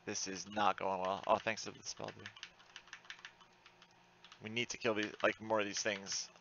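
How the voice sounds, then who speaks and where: A man giving live commentary while playing an online game, frustrated and excitable, swearing often with sudden loud outbursts. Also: on the low side, normal speed, gravelly, muffled recording, slight background noise.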